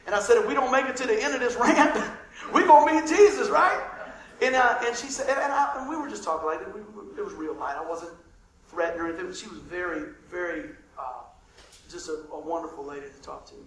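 A male pastor telling a lively story in a sermon, acting out the dialogue and laughing often. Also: sits high, quick pace, roomy sound, slight background noise, low-quality recording.

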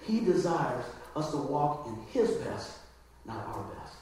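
Man, pastor, high voice, church sermon, very echoey hall, far from the mic. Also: very animated, takes it slowly, a little mellow, a little hiss or hum. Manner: conversational, keeps asking the crowd "right?".

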